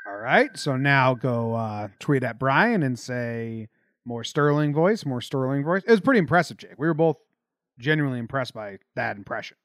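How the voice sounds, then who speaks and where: A man co-hosting a podcast in casual chat, upbeat and quick to laugh. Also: medium pitch, expressive, a bit bright, no echo. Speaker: podcast co-host.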